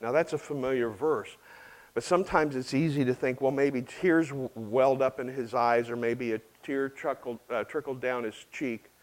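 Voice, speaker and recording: A man's voice: mid-range voice, moderate pace, rough recording. A man preaching an expository sermon in an earnest way, asking rhetorical questions and repeating phrases for emphasis. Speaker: pastor.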